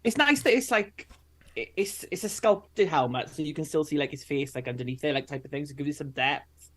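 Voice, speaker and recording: A man's voice: fairly high pitch, animated, a little fast, fairly bright tone. A man co-hosting a casual talk stream, hesitant and full of fillers. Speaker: co-host. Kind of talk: casual chat.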